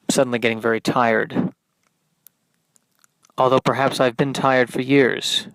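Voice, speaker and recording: A man hosting a solo podcast, rambling through deadpan, self-deprecating asides. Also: mid-range voice, measured pace, pauses often. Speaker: podcast host. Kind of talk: solo comedic monologue.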